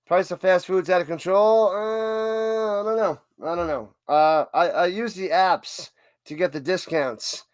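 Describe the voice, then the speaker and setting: A man with a fairly high voice rambles through casual football chat on a live stream, often stopping and restarting his sentences. The sound is dry and close, with no room around it. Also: measured pace, smooth, no room sound. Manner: rambling, self-interrupting, chatty. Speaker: livestream host.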